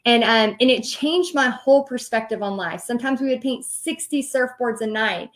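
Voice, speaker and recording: Chatty storytelling woman, slightly high voice. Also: moderate pace. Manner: animated, chatty, many fillers and restarts. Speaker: host, paint party teacher. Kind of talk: casual storytelling talk.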